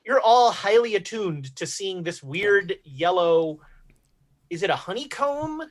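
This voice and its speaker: Woman, game master, casual, laughing often, lively pitch. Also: measured pace. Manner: laughs often, relaxed and conversational. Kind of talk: narrating a tabletop game.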